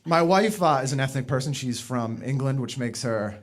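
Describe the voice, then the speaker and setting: A young man from the Boston area doing a stand-up routine with dry, ironic delivery, mocking people in high voices. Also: expressive, normal speed. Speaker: stand-up comedian.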